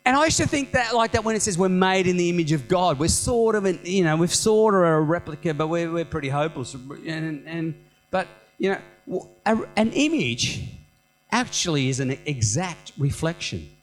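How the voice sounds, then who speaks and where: A middle-aged man preaching a sermon as senior pastor, animated and conversational, with humorous self-mocking asides. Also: on the high side, normal speed, soft background music, rough recording.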